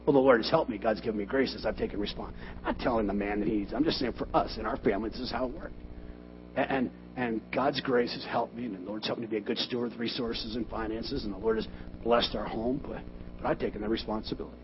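A middle-aged man preaching an animated sermon as pastor, breaking into sudden loud bursts to act out quarrels. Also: on the low side, fast. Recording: dull lo-fi sermon recording with faint hum.

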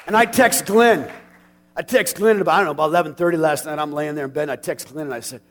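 A man in his forties preaching a sermon as pastor, plain-spoken and folksy, dropping from a quiet, intimate hush to passionate shouting. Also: high-pitched, fast talker. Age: 40s.

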